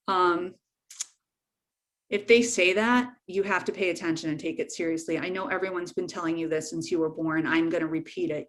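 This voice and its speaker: A middle-aged woman counselor giving a frank, informal webinar talk to teens, repeating key points for emphasis. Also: fairly low pitch. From United States.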